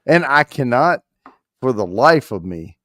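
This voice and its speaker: Slow-talking joking male host. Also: mid-range voice, sing-song, a bit bright, no echo, clean studio sound. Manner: joking, loose, swears mildly while fumbling with the screen. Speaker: show host running a prize giveaway. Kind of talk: casual livestream chat.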